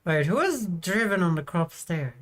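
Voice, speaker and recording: A woman's voice: fairly low pitch, big pitch swings, normal speed. A woman streaming a farming game, chatting casually and teasing her viewers with a playful, giggly manner. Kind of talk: casual live-stream chat.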